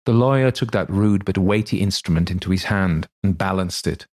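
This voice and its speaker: A man narrating a classic novel in a steady, measured reading. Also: low voice. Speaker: audiobook narrator. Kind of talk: scripted narration.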